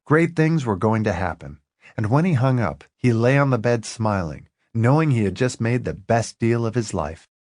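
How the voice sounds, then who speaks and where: A man narrating an audiobook in an expressive, lively reading. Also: mid-range voice, moderate pace, no room sound, clean studio sound.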